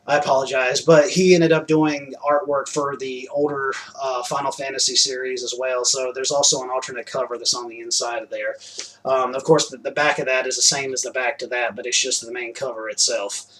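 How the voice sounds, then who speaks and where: A man's voice: mid-range voice, level tone, brisk, fairly bright tone, poor audio. A young man rambling casually about games he just bought, with lots of fillers, restarts and the odd swear word. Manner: loose and chatty, many fillers, restarts and "to be quite honest", casual swearing. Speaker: gaming vlogger showing new purchases. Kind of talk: rambling casual vlog chat.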